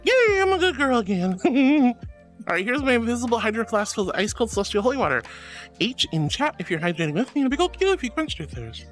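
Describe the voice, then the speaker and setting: A woman's voice: a little high, big pitch swings, fast, soft background music. A woman streamer chatting casually with her live viewers, playful and theatrical, with mock-indignant protests and affectionate greetings.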